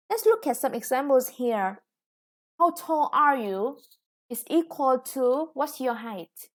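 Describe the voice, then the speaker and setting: A woman's voice: high-pitched, a bit bright. A woman with a Vietnamese accent teaching an online English lesson, explaining step by step with frequent "yeah" and "okay".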